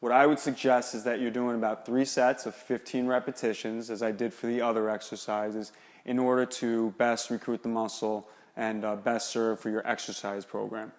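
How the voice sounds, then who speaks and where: A man's voice: medium pitch, little pitch movement, normal speed, in a large hall. A man, an exercise specialist, explaining and demonstrating shoulder exercises in a coaching manner.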